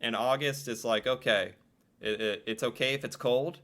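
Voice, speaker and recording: A man from the United States giving animated reaction video commentary and laughing easily. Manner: animated and quick to laugh, with pitch jumps when making a point.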